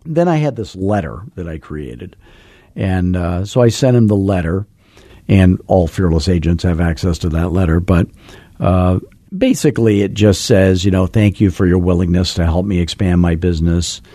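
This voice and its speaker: A man with a low, mellow voice hosts a real estate coaching podcast. He tells a jokey anecdote in a casual way and voices both sides of a phone call. The recording is dry and close. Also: lively intonation, moderate pace, dry recording.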